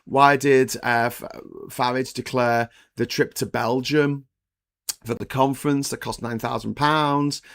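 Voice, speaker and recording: A middle-aged man from the UK hosting a casual political live stream. He is blunt and sweary, and rambles with lots of fillers. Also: medium pitch.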